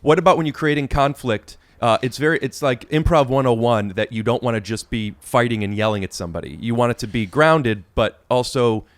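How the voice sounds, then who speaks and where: Smooth-voiced host, dry close sound. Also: male voice, medium pitch, no echo. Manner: halting, restarts often. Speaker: podcast host. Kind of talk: casual chat.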